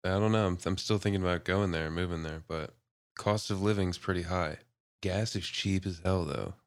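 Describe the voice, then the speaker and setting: Deep-voiced, laid-back podcast co-host. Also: male voice, steady tone, moderate pace, no echo, clean studio sound. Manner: laid-back, laughs often. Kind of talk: casual chat.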